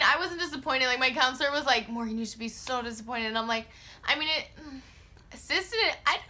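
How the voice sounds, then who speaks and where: A young woman vlogger telling a casual storytime, slangy and profane, with lots of filler words and acted-out quotes. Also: high-pitched. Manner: expressive, acts out her own quotes.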